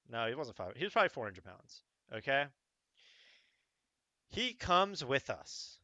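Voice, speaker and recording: A young man spins a rowdy, profanity-laced story with a lively, bouncing pitch and a bright, forceful edge to his voice. He talks in a rambling casual way, tossing in little asides to the listener. The sound is dry and a bit dull, like a close home mic. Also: no room sound. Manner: animated, profane, rambling with frequent "okay?" asides. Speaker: streamer telling a story.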